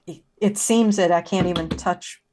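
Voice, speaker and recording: A woman playing a confused character in a horror tabletop game, speaking hesitantly with many pauses and ums. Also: lowish voice, darkish tone. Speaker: player.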